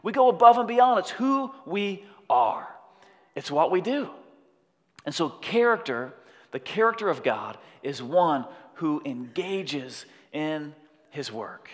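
A man preaching a sermon, telling a story and then rising to emphatic, shouted exhortation. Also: a little high, sing-song, takes it slowly, in a large hall. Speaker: pastor.

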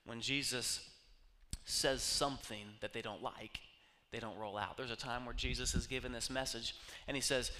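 A man preaching a sermon, telling stories with humor and swinging from loud bursts to hushed asides. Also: mid-range voice, moderate pace. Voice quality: animated, jokey storytelling with sudden loud bursts and hushed asides. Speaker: pastor. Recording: long reverb of a large hall.

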